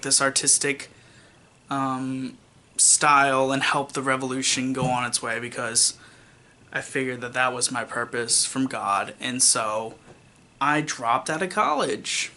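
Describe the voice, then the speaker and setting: A young man recounts his own story to the camera in a loose, rambling way, stumbling through fillers and restarts. His voice is very bright and sharp, and he drops in dry, self-mocking asides as he goes. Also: medium pitch. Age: young adult. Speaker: vlogger. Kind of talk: casual personal storytelling.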